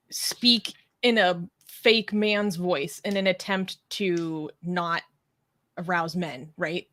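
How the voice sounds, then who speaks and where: A woman's voice: medium pitch, a bit bright. A woman co-hosting a casual live-stream chat, talking with many fillers and reading viewer comments aloud. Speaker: co-host.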